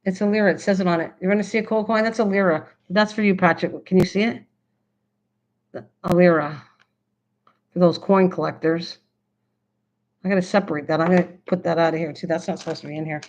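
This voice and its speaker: A woman hosting a casual craft livestream, chatting excitedly and answering her chat as she goes. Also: lowish voice, brisk, pauses often. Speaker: livestream host. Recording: slightly dull lo-fi stream audio.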